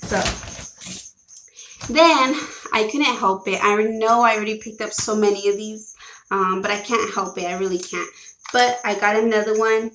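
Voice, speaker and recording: A woman's voice: mid-range voice, moderate pace, pauses often, bright, forceful tone, echoey room, a little hiss or hum, low-quality recording. Chatty mother rambling through a haul. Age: adult with children. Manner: rambling, chatty, self-correcting, greets viewers by name. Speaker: vlogger showing a shopping haul. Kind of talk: casual chat with live viewers.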